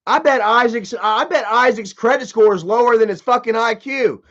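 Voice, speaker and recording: An extremely high-pitched, slightly bright male voice speaks at a normal pace while hosting a livestream. Mocking and profane in a laid-back way, he keeps saying "you know," and the audio is dull and lo-fi.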